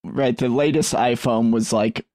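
A man's voice: mid-range voice, fairly even intonation, measured pace, darkish tone, dry recording, clean studio sound. A man co-hosting a tech podcast in casual chat, asking questions and making wry jokes. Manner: wry, joking asides. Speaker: podcast co-host.

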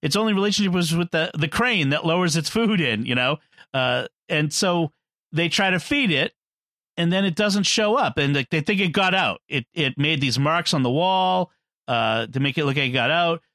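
A man's voice: fairly high pitch, animated, moderate pace, pushed and bright, dry recording, clean studio sound. A man in a casual film discussion, retelling the plot, acting out the characters' lines and laughing often. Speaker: podcast co-host.

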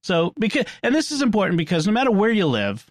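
A man's voice: high-pitched, wildly swooping pitch, quick pace, no room sound. A man with a Boston accent hosting a podcast, chatting casually with jokes and frequent laughs. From New England. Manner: jokey, rambling, laughs often. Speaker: podcast host. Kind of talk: casual chat.

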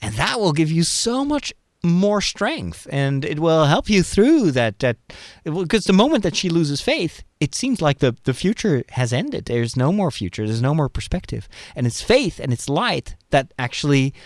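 A man's voice: a little high, big pitch swings, moderate pace, no room sound, clean studio sound. A man hosting a podcast, talking through ideas in a casual, enthusiastic way with lots of restarts. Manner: enthusiastic, thinks aloud with restarts. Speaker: podcast host. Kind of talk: casual movie discussion.

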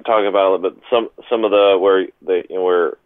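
A man's voice: low-pitched, steady tone, smooth, dry recording. A man co-hosting a casual podcast, speaking hesitantly with many halts. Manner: hesitant, halting. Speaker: podcast co-host. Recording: phone-like call-in line.

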